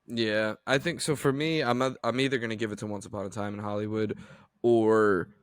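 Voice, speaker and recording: A man's voice: lowish voice, a little fast, smooth, dry recording, clean studio sound. A man hosting a movie podcast, talking casually with frequent "uh" hesitations. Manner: steady, hesitant with "uh" fillers.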